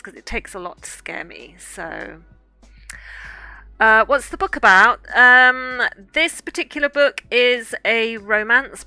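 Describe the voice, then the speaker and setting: Middle-aged woman streamer, very bright tone, unhurried, effusive thank-yous, faint music behind. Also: mid-range voice. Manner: chatty and effusive, thanking viewers often. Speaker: author and livestreamer. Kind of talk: casual livestream chat to viewers. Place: small home room corner.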